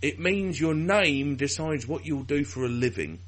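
A man's voice: fairly high pitch, moderate pace. A man with an Essex accent co-hosting a podcast, chatting casually with lots of swearing and laughter. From England. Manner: sweary, laughs often, animated. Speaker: podcast co-host. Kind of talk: casual chat.

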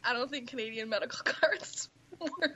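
A woman in a casual chat, excitable and freely swearing. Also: fairly high pitch, moderate pace, lo-fi sound, noisy background. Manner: excitable and profane.

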